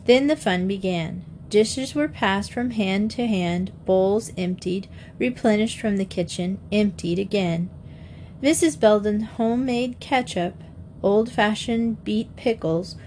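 A woman narrating a children's mystery audiobook in a measured, gentle storytelling voice. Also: medium pitch, a little hiss or hum.

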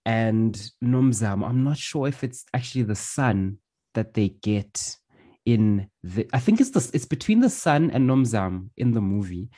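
A man's voice: lowish voice, lively intonation, a little slow, warm tone. A man from South Africa in casual conversation about a film, rambling through his points with frequent fillers. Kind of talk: casual chat, movie review.

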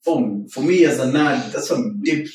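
A man's voice: medium pitch, measured pace. Laid-back young man, roomy echo. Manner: relaxed storyteller, mixes English and Swahili slang. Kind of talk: casual chat. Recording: echoey room, far from the mic.

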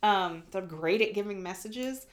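A woman guest on a podcast, a medium telling stories in a casual, animated way and acting out the voices she quotes. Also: medium pitch, moderate pace. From United States.

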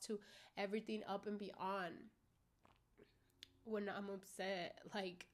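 A young woman vlogger talking openly to her viewers in a casual, rambling way, swearing often and leaning on fillers like "you know what I mean". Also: mid-range voice. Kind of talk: candid casual monologue.

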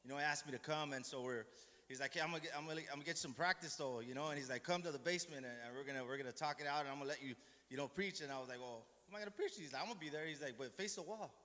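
A man's voice: a little high, rapid-fire, bright, forceful tone. A man giving an informal, self-deprecating sermon, rambling with many restarts and asides. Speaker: lay preacher. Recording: echoey hall with long reverb.

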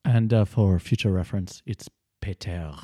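A man performing in an improvised comedy sketch, playful and dropping to a soft murmur at times. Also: deep voice, normal speed, no room sound, clean studio sound.

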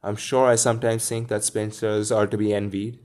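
A man's voice: on the low side, level tone, moderate pace, darkish tone, close to an everyday voice. A man reading aloud as Wendy, a bossy, prim, motherly girl. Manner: scolding, prim.

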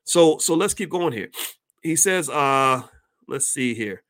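A man reading passages from a book aloud and breaking off into animated commentary, sometimes stumbling over words. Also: a little high, takes it slowly. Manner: reads passages then breaks off into animated asides.

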